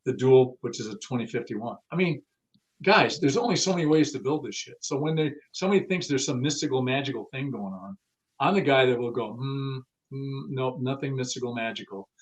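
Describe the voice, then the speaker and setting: A man with an expressive, mid-range voice talks fairly quickly while being interviewed about the car audio business. He is blunt, casual and a bit profane, and he performs the dialogue of the people he quotes.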